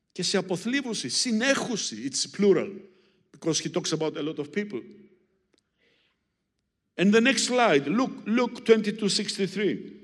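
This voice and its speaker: Guy preaching in english, slow and animated, echoey church hall. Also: sits high. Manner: animated, teasing, with audience demonstrations. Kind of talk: sermon with Greek word study. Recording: long hall reverb.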